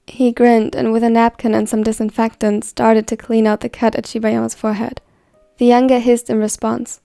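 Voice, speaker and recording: A woman reads a dramatic story aloud at a steady, even pace of delivery. Her voice sits fairly high yet sounds mellow, with a gravelly fry. The recording is dry, with faint music underneath. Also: moderate pace, dry recording. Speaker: fan fiction reader. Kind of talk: scripted story narration.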